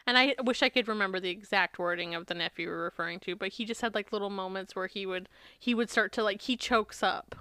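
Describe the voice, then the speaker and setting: A woman with a bright, crisp and fairly high voice co-hosts a podcast recap. She talks chattily, swears freely and slips into little voices to act out what people said. The sound is dry and close. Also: fast talker, no room sound. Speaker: podcast co-host. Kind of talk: casual chat recapping a reality show.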